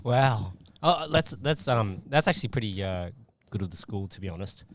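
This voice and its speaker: Casual male podcast host, lowish voice. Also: expressive, moderate pace. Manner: casual, thinks aloud with many fillers. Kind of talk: casual interview chat.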